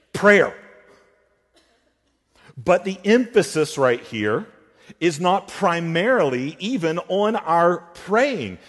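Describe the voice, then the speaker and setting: A pastor preaching a sermon, swinging between loud emphatic lines and hushed ones. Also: male voice, medium pitch, breathy edge, in a large hall.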